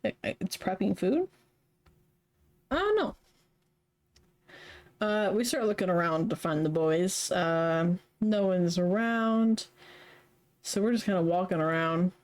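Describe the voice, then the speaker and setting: A young woman streamer reading a story game aloud, chatty and quick to laugh between lines. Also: lowish voice, expressive. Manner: chatty, laughs often, reads narration then comments. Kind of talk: reading a visual novel aloud with commentary.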